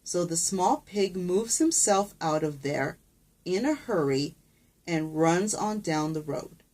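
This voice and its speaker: A woman's voice: on the low side, animated, slow pace, darkish tone. A woman teacher reading a picture book aloud to children, patient and encouraging, with asides to the kids.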